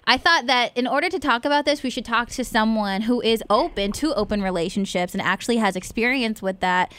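A woman's voice: a little high, brisk, a bit bright, clean tone. A woman co-hosting a casual podcast, chatty and teasing her co-host with laughter.

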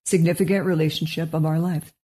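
Husky, mellow-voiced woman co-hosting a podcast. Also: deep voice, level tone, fast talker. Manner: gentle, affirming, reflective. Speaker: co-host, marriage therapist. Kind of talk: casual podcast conversation.

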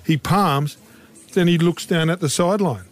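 A man, a rugby league pundit, telling stories in casual radio chat and lifting his voice when excited. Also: normal speed. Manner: animated storyteller, lifts pitch when excited.

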